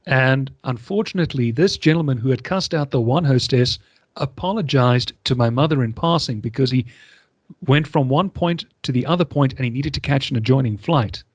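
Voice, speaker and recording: A man's voice: medium pitch, moderate pace, dry recording, lo-fi sound. A man hosting a podcast interview, chatty and enthusiastic, often repeating himself. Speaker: podcast host. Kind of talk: casual interview chat.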